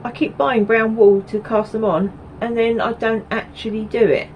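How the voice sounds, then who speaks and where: A woman's voice: fairly high pitch, little pitch movement, normal speed, lo-fi sound, a little hiss or hum. A woman from Essex, hosting a knitting video podcast in a rambling, chatty way with many ums and asides. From Essex, England. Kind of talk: casual chat to camera.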